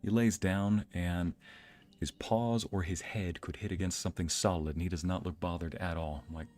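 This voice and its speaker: A man's voice: low-pitched, fairly even intonation, normal speed, darkish tone. A man streaming live, chatting casually, greeting viewers by name and laughing easily, speaking into a desk microphone at home. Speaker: streamer and narrator. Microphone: desk microphone at home streaming setup.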